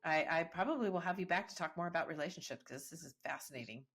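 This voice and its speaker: Female podcast host, lower voice; thoughtful, agreeable, a bit rambling. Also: expressive, quick pace, a bit bright. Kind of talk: conversational interview.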